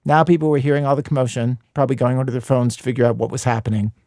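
A man's voice: mid-range voice, level tone, very fast, warm tone, no echo. A man hosting a radio show, narrating in a wry, conversational way from a studio mic.

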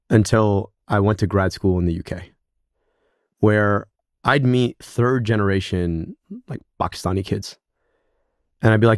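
A man's voice: on the low side, a little mellow, no echo, studio quality. A man from the United States, a guest in an interview, telling reflective stories and acting out quoted dialogue. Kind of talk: conversational interview.

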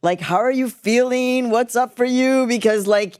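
A woman's voice: a little high, normal speed, darkish tone. Chatty woman hosting a live show. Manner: chatty, bubbly, joking, mixes in Spanish. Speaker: radio host. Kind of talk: casual live interview. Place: live event space with an audience.

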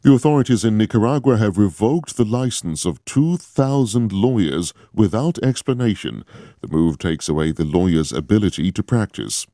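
Low dark-voiced guy reading the news bulletin, steady and formal, dry close sound. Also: dry recording. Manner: measured, formal delivery. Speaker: newsreader.

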